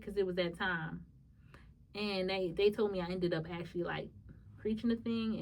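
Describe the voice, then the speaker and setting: Speaking from a distant mic, this solo podcast host tells her own story in a relaxed, heartfelt way. She addresses listeners as y'all, drifting from quiet musing into abrupt, high-pitched excitement.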